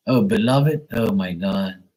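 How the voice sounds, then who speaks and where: A man with a husky, breathy voice rants to his livestream viewers in a casual way. He is blunt and profane, and he mocks the people he talks about with a sharp tongue. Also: fairly low pitch, rough recording. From Bermuda. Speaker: livestream host.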